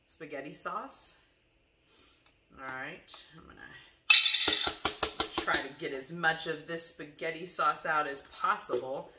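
A woman's voice: low-pitched, echoey room, noisy background. A woman chatting to her viewers as she demonstrates a one-pot recipe in her kitchen. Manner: chatty, talks to viewers while cooking. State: teary from onion. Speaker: cooking demonstrator. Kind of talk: casual cooking demo.

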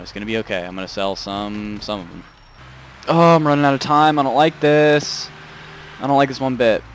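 A young man commentating a video game playthrough, muttering asides and breaking into loud swearing outbursts. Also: lowish voice, moderate pace, a little hiss or hum. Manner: swings between mumbled asides and loud angry outbursts, swears a lot. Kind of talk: let's play commentary.

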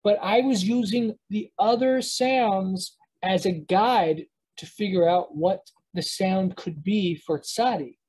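A teacher talks through a casual lesson in a husky, breathy voice at an ordinary middle pitch. The delivery rambles, with frequent fillers, restarts, and thinking aloud while explaining. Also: slow pace, a little mellow, rough recording. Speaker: language teacher.

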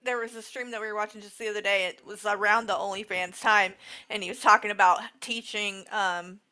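A woman's voice: medium pitch, fairly even intonation, brisk, pushed and bright, clean tone. A woman co-hosting a casual chat, reacting with disgust and laughter. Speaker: co-host.

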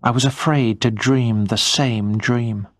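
Brief: male narrator, slow deliberate storybook reading, dry close sound. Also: medium pitch, fairly even intonation, no echo. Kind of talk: scripted story narration for English learners.

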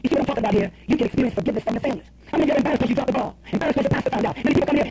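A man's voice: very high voice, very fast, very noisy. A man preaching a rousing, colloquial sermon as pastor, firing questions at the congregation in a church. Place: church sanctuary. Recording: dull lo-fi church sermon recording.

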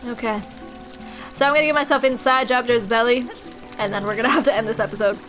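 A woman's voice: a little high, fast, a bit bright, soft background music, poor audio. A young woman hosting a casual let's-play, joking crudely and giggling often. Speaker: gameplay host. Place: small home recording room.

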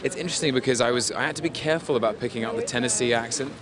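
A man's voice: medium pitch, racing. A British man, an actor, chatting animatedly in an interview at a premiere, laughing and restarting his sentences as he talks. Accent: British English. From Britain. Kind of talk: red carpet interview. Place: outdoors at a busy premiere. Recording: loud crowd behind. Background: crowd noise.

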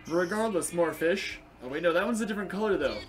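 A young man giving casual, excitable gameplay commentary, swearing and chatting to the game's creatures. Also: high voice, quick pace, faint music behind. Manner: excitable, profane, talks to game creatures. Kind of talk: casual let's play commentary.

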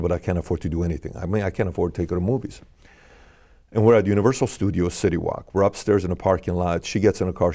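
A man's voice: deep voice, creaky, dark tone. A middle-aged man, a podcast guest, telling a personal story in an earnest, questioning way.

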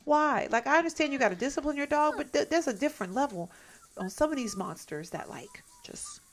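A woman's voice: sits high, huge pitch swings, fairly quick. A woman giving casual let's-play commentary, chatty and exasperated, often talking to her viewers as "y'all". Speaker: gameplay commentator.

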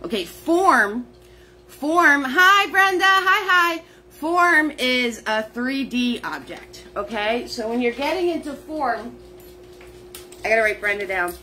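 A woman's voice: sits high, lively intonation, slow pace, pushed and bright, slight background noise, low-quality recording. A woman hosting a live painting lesson, chatty and laughing often, greeting viewers by name as she explains terms. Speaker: painting class host.

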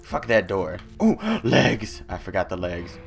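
A young man doing loud, joking let's-play commentary, his voice swinging high and low as he plays. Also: animated, a little slow, creaky, faint music behind. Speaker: gaming YouTuber.

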